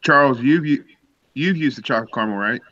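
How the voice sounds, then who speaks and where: A man's voice: mid-range voice, fast talker, sharp tone, lo-fi sound. A man co-hosting a livestream, teasing and laughing often. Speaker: livestream co-host. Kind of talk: casual livestream chat.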